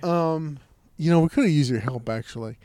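A man with a slightly higher voice tells a story in a relaxed podcast chat. He acts out the other people's lines and swears freely as he goes, and the sound is close and dry. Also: brisk, no room sound.

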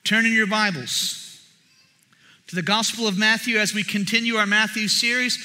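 A young man preaching a sermon, telling a story with animated energy and bursts of shouting as he acts out others. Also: high voice, normal speed. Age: young adult. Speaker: pastor.

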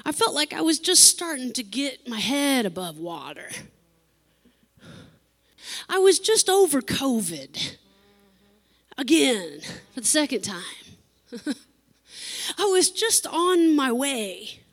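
A woman's voice: high voice, big pitch swings, takes it slowly, pauses often. A woman pastor preaching an emotional sermon, repeating phrases for emphasis and laughing between lines.

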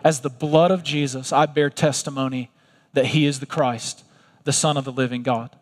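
A man's voice: mid-range voice, steady tone, moderate pace, voice pushed down, close to an everyday voice. Blood itself testifies on the stand, grave and solemn, as a male preacher gives it voice. The words echo through a large hall. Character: spilled blood as a solemn witness. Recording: long reverb of a large hall.

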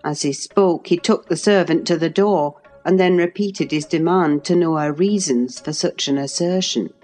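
A woman narrating an audiobook in a measured, even storytelling manner. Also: on the low side, faint music behind. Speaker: audiobook reader.

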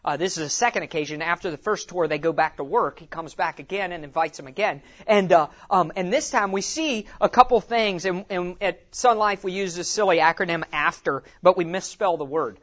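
Animated man teaching at a conference. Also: high-pitched, brisk, few pauses, lo-fi sound. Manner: lively storyteller who acts out quotes, says "you know" often. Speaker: conference speaker.

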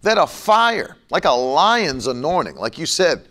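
A man's voice: a little high, sing-song, measured pace, fairly bright tone. A middle-aged man preaching a broadcast sermon and leading a prayer, emphatic and fervent, now and then mocking his critics.

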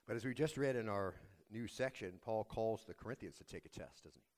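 A man preaching a sermon as pastor, telling a story in a measured, earnest way. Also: fairly low pitch, darkish tone.

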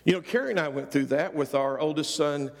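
Pastor, middle-aged man, fervent repetitive sermon delivery, raspy edge, reverberant church. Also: a little high, a little fast. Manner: preaching with rising fervor, repeated phrases.

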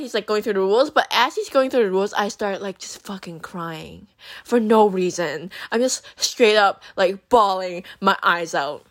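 A woman's voice: medium pitch, normal speed. A young woman telling a story to camera in a casual, chatty way, swearing freely and using lots of fillers. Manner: profane, animated, chatty with many fillers. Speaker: vlogger.

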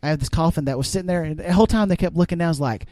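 A man who wrestles, a podcast guest, telling stories excitedly in casual chat and acting out scenes with sound effects. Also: a little high, rapid-fire.

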